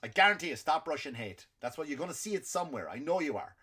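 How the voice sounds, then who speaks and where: An Irish man hosting a comedy podcast, ranting in a loose stand-up style, often restarting and repeating words, swinging between loud outbursts and low muttering. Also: sing-song, quick pace, slightly rough. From Ireland.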